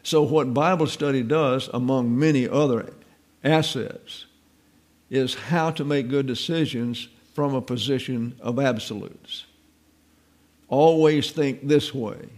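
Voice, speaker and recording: A man's voice: mid-range voice, a little mellow. A man giving an informal Bible teaching, mixing scripture points with wry, folksy stories from his own life.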